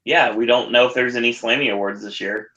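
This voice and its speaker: A man hosts a podcast in casual chat, mostly adding short, dry replies and reading out comments from the chat. His voice is bright and forceful at a middling pitch. The sound is muffled and dull and carries a roomy echo. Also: fairly even intonation, a little fast. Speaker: podcast host.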